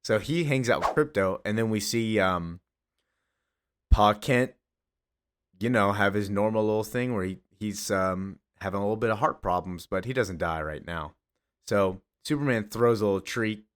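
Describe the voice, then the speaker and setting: A man's voice: on the low side, normal speed. A young man hosting a casual comic-book recap, chatty and loose, laughing as he goes. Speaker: comic video host.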